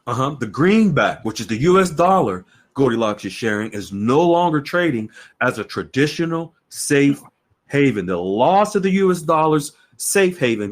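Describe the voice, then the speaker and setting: Earnest man hosting a podcast. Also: medium pitch. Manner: earnest, repeats words and restarts. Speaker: podcast host. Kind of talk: casual podcast talk.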